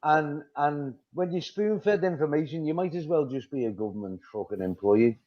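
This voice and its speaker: A middle-aged man with a Liverpool accent holds forth on a live stream, blunt and sweary, circling back over his own points. His voice sits a little high for a man. The audio is dull and lo-fi. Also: expressive, moderate pace. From Liverpool, England. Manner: blunt, sweary, repeats himself. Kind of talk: casual live chat.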